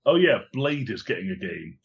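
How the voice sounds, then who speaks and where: A man on a podcast, chatting about game news in a relaxed, hesitant way with many fillers. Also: on the low side, moderate pace, gravelly, breathy edge. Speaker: podcast co-host. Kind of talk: casual chat about video game news. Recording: dull lo-fi sound.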